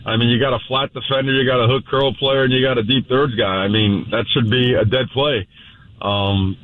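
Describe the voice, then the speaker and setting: A man's voice: medium pitch, steady tone, normal speed, slight background noise. A man, a head football coach, talking bluntly on a radio interview and breaking down plays in coaching jargon. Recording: tinny phone line.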